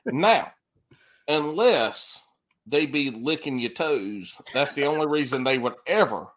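A man hosting a podcast, bantering crudely and laughing loudly with his guests. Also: mid-range voice, lively intonation, takes it slowly. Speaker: podcast host. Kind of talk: casual chat.

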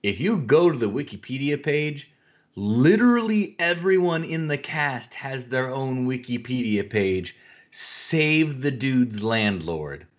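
A man's voice: medium pitch, lively intonation, slow, lo-fi sound. A man co-hosting a movie podcast, talking in a blunt, emphatic and profane way. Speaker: podcast co-host. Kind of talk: casual movie podcast chat.

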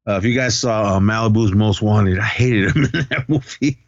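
Animated man recapping a movie. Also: on the low side, normal speed, no echo, dull audio. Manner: animated retelling, acting out lines in a raised voice. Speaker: podcast co-host. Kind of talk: casual movie recap chat.

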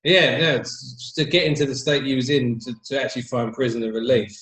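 A man's voice: medium pitch, a little fast, fairly bright tone. A man interviewing a guest, asking short questions and repeating words as he starts. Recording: roomy echo.

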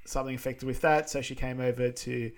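A man co-hosting a podcast, chatting casually in a relaxed way, with plenty of fillers and laughing along. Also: medium pitch, fairly quick. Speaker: podcast co-host. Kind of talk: casual chat.

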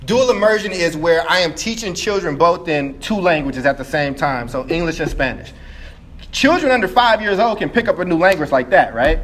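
A man speaking casually to a live audience about schools, lively and conversational, full of quick asides and fillers. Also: a little high. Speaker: education speaker taking audience questions. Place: meeting room with a live audience.

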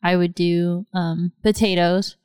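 A woman in casual chat, telling animated stories full of "like" and acting out what others said in a higher voice. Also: slow pace, smooth, dry recording, clean studio sound. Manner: animated storytelling, lots of "like", acts out quotes in a higher voice.

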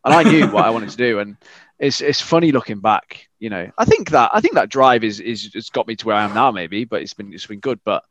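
Lively fast-talking man, dry sound. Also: lowish voice, no room sound. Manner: animated storytelling with swearing. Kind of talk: casual chat.

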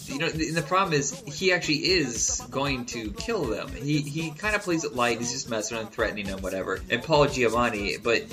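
A man co-hosting a casual podcast, animated and laughing often, with frequent restarts. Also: medium pitch, brisk, hardly any pauses, music in the background. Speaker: podcast co-host. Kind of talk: casual chat.

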